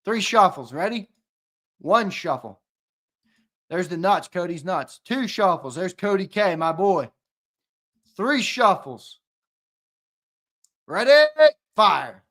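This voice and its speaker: A young man hosts a casual live-stream giveaway, joking with viewers and ribbing them by name. His voice sits somewhat high, and he takes his time with each line. He punches out loud countdowns and drops into mumbled asides. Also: very animated, takes it slowly, pauses often. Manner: playful, teasing banter that swings between loud hyped countdowns and low mumbled asides. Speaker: show host running a live-stream giveaway.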